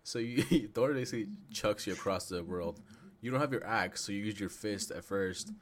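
A man co-hosting a casual gaming podcast, blunt and excitable with heavy swearing. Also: lowish voice, normal speed. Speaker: podcast co-host.

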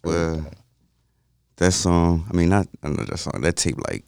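Laid-back rapper guest, man, very deep and smooth, dry close sound. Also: fairly even intonation, a little slow, darkish tone, no echo. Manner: laid-back, often says "you know what I mean". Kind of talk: casual interview talk.

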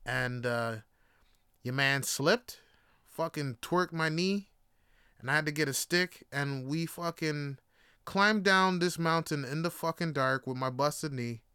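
A man's voice: fairly high pitch, takes it slowly, sharp tone, clean tone, no room sound, studio quality. A man from Jamaica telling a personal story in a casual, profane way, laughing and restarting as he goes. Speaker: podcast host.

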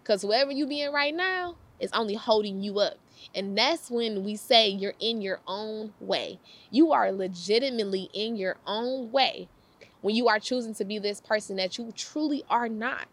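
Lively, slangy young woman giving a faith talk. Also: high-pitched. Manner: lively, slangy, laughs often, repeats phrases. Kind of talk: casual devotional talk.

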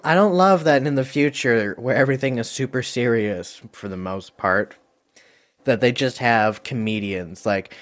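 Rambling man hosting a movie quiz. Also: medium pitch. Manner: rambling, lots of fillers and quick asides. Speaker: host of a movie review game show. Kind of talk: casual chat.

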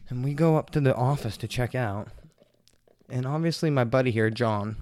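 A man hosts his own podcast and rambles through a gross-out story, swearing constantly and acting out the other people's lines. His voice sits at a middle pitch, and the room sound is dry and close. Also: moderate pace, dry recording. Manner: profane, animated, heavy swearing. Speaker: podcast host. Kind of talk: casual storytelling monologue.

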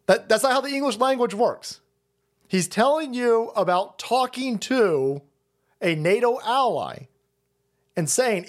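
A man's voice: very high-pitched, lively intonation, measured pace. A man hosting a stream, delivering a profane, sarcastic rant of political commentary. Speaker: streamer host.

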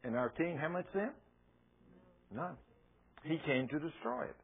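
A man preaching a sermon, telling Bible stories in a folksy, animated way. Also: a little high, unhurried, breathy edge. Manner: folksy, animated storytelling with laughs. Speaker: pastor. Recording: tinny phone-like sound.

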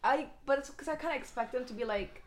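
A young woman co-hosting a casual chat, giggly and animated, swearing casually. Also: high voice, fast talker, a little hiss or hum. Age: young adult. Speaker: podcast co-host.

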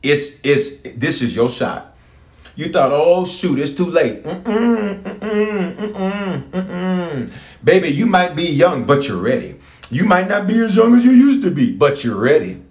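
A man's voice: sits high, sing-song, unhurried, a little mellow. A man preaching a fiery livestream prayer sermon as pastor, with emphatic, repetitive exhortation. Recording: roomy echo.

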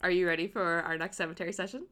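A woman's voice: lowish voice, fairly even intonation, very fast, a bit bright. A young adult woman co-hosting a casual podcast, giggling, swearing freely and repeating herself as she sets up a true crime story.

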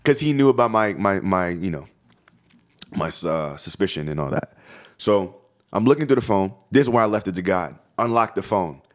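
A young man co-hosting a podcast, telling a high school story in a casual, profane, animated way. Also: normal speed. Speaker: podcast co-host.

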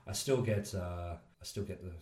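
A man's voice: low-pitched, moderate pace, a little mellow. An Australian man who is a guest on a podcast, talking loosely with many fillers and swearing. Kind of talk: casual chat. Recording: roomy echo.

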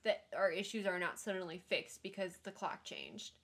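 A young woman from the United States co-hosting a podcast in casual chat, talking quickly with lots of asides. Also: lowish voice, lively intonation, a bit bright, slightly rough. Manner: chatty, quick asides, frequent laughs. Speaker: podcast co-host.

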